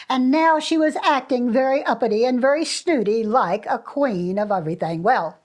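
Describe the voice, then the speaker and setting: A woman telling a children's fairy tale with lively, expressive delivery. She lingers on dramatic pauses and lifts her fairly high voice for the exciting parts. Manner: animated, expressive read-aloud with dramatic pauses. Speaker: children's storyteller. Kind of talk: storytelling for children.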